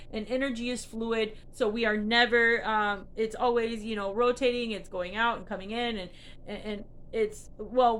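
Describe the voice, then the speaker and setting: A woman's voice: fairly high pitch, a bit bright, slight background noise. A woman tarot reader speaking earnestly and encouragingly, reading a card's meaning and then chatting about her spiritual journey with many fillers. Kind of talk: spiritual card reading and casual talk.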